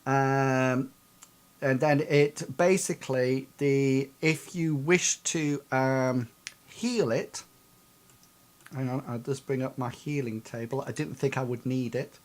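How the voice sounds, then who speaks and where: A man running a tabletop role-playing game as game master, explaining the rules hesitantly, with many pauses and restarts. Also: medium pitch, steady tone.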